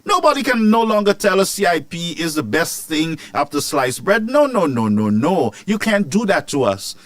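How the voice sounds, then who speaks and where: A man, hosting a news commentary show, ranting about politics with rhetorical questions and sharp asides. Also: sits high, sing-song, normal speed, no echo.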